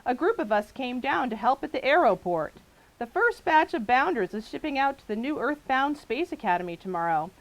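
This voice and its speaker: A woman voicing a small rodent-like male alien officer who speaks through a translator box, with an even, courteous delivery. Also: high-pitched, brisk, low-quality recording. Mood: polite.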